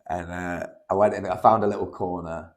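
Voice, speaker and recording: A man's voice: deep voice, fairly even intonation, fairly quick. A young man, a guest fighter, telling a story in casual podcast talk, rambling with lots of fillers and swearing. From United Kingdom. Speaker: guest, amateur MMA fighter.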